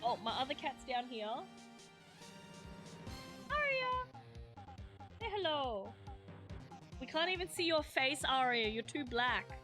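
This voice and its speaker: A woman's voice: high-pitched, normal speed, few pauses, over music. A young woman streaming a game live, reading its dialogue aloud in a flustered, giggly way.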